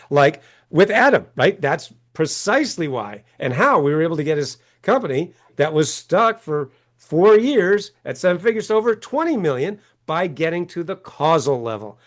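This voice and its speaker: Emphatic man guest, slightly high voice. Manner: emphatic, acts out quoted voices, frequent "right?". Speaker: author and coach, guest. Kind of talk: animated interview talk.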